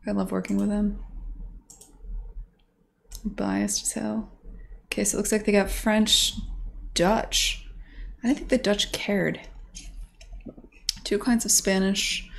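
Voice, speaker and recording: This is a woman streaming her own game development, talking casually to her viewers. Her voice has a gravelly, creaky edge and sits at an ordinary pitch. She gets excited easily, swears without a second thought and mutters to herself between remarks, with a faint hiss of noise behind her.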